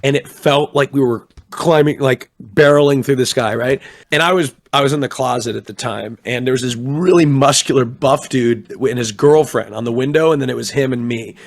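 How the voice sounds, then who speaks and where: A man's voice: medium pitch, normal speed. Rambling young man telling stories. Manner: rambling storyteller, acts out quoted voices. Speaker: co-host of a late-night stream talk. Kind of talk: casual chat.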